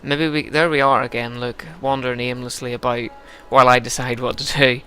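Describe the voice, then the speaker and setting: Joking gamer, bright clear voice. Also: male voice, medium pitch, flat delivery, a little fast, soft background music. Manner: joking, self-deprecating asides. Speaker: lets-play narrator. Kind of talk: casual gameplay commentary.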